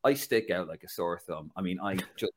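Lively chatty Dublin Irish man. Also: deep voice, a little fast, a little hiss or hum. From Ireland. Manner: chatty storyteller, laughs through anecdotes. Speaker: podcast host. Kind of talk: casual podcast chat.

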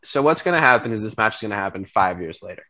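A man co-hosting a podcast, casually laying out a long, rambling story pitch. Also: fast, dull audio. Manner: rambling, animated storyteller, laughs often. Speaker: podcast co-host.

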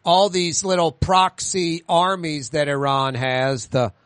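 A man hosts a radio talk show in a dry, close studio sound. His voice sits a little high, and he wanders through anecdotes in an easy, chatty way. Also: flat delivery, slow pace, a bit bright, no echo. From New Orleans.

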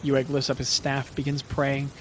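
A man narrates a tabletop role-playing game as game master in a relaxed, rambling way, with plenty of fillers. His pitch sits in an ordinary middle range. There is clear rain-like noise behind him. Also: normal speed. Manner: loose, chatty narration with many fillers.

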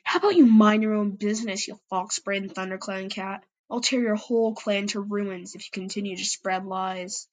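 A woman voicing a ruthless male cat clan leader in an amateur story podcast, talking in fast, loud threats. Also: mid-range voice, fairly even intonation, lightly acted. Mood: threatening.

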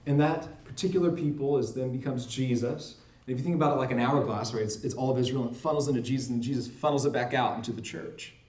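A man's voice: medium pitch, fast, darkish tone. Guy teaching, earnest and emphatic, keeps saying right?, echoey room, mic kinda far. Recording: roomy sound, mic at a distance.

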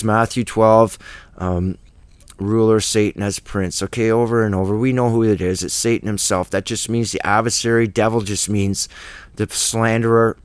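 A man's voice: on the low side, dry recording. A man teaching a Bible study in a blunt, emphatic way, with slangy asides between verses.

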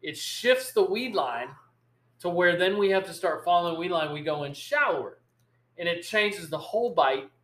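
A man hosting a podcast, telling a long fishing story in an animated, rambling way. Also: sits high, normal speed. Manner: animated, rambling storyteller who acts out quotes. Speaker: podcast host. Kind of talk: casual storytelling chat. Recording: echoey room.

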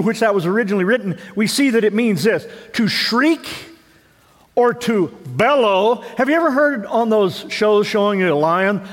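In a church sanctuary whose lingering reverb follows every phrase, a male pastor preaches in a strikingly high register. His style is chatty, full of rhetorical questions, and he often backtracks over his own words.

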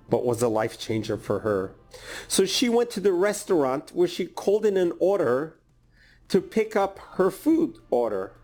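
A man preaching a sermon and telling a story, speaking slowly and emphatically with deliberate pauses. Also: on the high side, darkish tone.

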